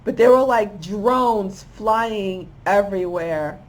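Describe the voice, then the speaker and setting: Woman excitedly recounting a vision. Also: medium pitch, slow. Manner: rambling, animated, acts out quoted voices. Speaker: spiritual channel host. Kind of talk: casual storytelling of a vision.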